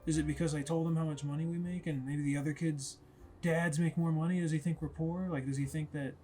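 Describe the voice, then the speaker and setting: A man's voice: fairly high pitch, fairly even intonation, quick pace, a bit bright, in a whisper, faint music behind, pitched above the performer's own voice, close to an everyday voice. A man voicing an overworked, irritable father who scolds his son in a retold story. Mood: outraged. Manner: scolding, exasperated.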